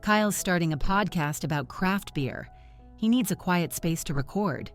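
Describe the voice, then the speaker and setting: A spoiled, sneering younger sister, read by a woman narrator, brushing everything off with a dismissive tone. Her voice sits low, and faint music plays under it. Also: expressive, normal speed, lightly acted. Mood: mocking. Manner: mocking, dismissive.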